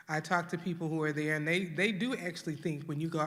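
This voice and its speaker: A woman's voice: low-pitched, fairly even intonation, quick pace, in a large hall. A woman from Houston leading a church grief workshop, talking earnestly and acting out the voices of grieving people. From Houston, Texas. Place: church hall.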